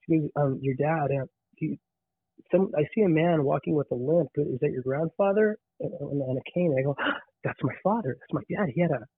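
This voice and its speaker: A man telling a story in casual conversation, animated, often restarting and repeating words. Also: on the high side, brisk, breathy edge, dry recording. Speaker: podcast guest. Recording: tinny phone-line sound.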